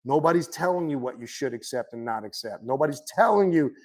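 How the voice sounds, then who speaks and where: Talking fairly fast at a medium pitch, a man gives his viewers an impassioned lesson about the occult. He's blunt and profane throughout, ranting in an animated way.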